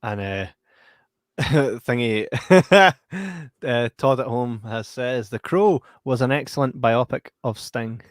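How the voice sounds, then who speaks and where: A young man co-hosting a podcast, laughing often and acting out film scenes with loud yelps. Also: medium pitch, lively intonation, slow pace, no room sound, clean studio sound. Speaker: podcast co-host. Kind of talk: casual podcast chat.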